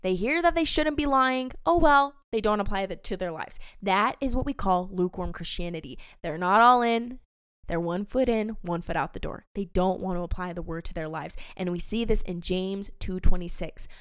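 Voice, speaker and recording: A woman's voice: lowish voice, moderate pace, clear, resonant tone, no echo, clean studio sound. A young adult woman hosting a devotional podcast, talking earnestly and passionately to her listeners. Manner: earnest and passionate, addresses listeners as "you guys". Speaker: faith podcast host.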